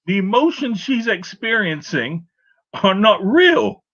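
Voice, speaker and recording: A man's voice: high-pitched, big pitch swings, slow, fairly bright tone. A man co-hosting a casual opinion chat, emphatic, often checking in with "right?". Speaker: podcast co-host. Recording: dull lo-fi sound.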